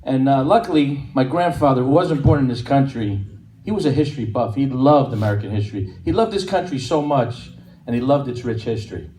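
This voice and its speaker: A man's voice: mid-range voice, brisk, dark tone. A middle-aged man doing chatty, punchy stand-up comedy on a club stage. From New Jersey. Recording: echoey club from far off with noise.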